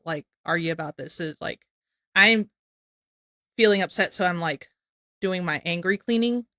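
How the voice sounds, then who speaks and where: Bright-voiced woman ranting in commentary. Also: lowish voice, no echo. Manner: rambling, exasperated, repeats herself. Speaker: reaction streamer. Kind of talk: casual commentary on a video.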